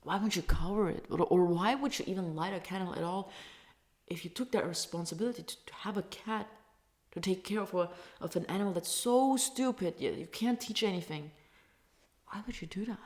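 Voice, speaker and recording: This vlogger, a native Turkish speaker from Turkey, has a mid-range, darkish-toned voice and talks fairly quickly. She's ranting angrily in English, swearing, heated, and often stumbling and starting over.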